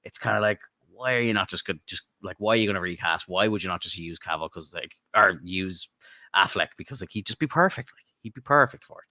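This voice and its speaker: A man co-hosting a podcast, chatting casually and excitedly, swearing and rambling like a fan. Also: deep voice, brisk, no room sound, clean studio sound. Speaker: podcast co-host. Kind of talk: casual chat.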